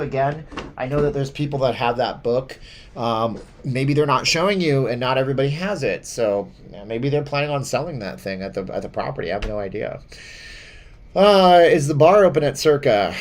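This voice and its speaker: A man's voice: medium pitch, darkish tone. A man hosting a casual live stream, reading viewer comments aloud and rambling with many fillers, chuckles and restarts. His voice sounds a little stuffy from allergies. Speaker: host of a live chat stream.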